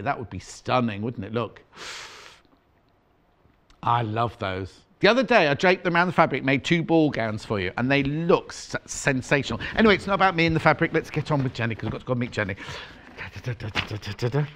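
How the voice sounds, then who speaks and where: Gushing man with a lively voice. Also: medium pitch, fairly quick. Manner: gushing, rambling, self-interrupting. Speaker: TV sewing show host. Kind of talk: live shopping-channel presenting.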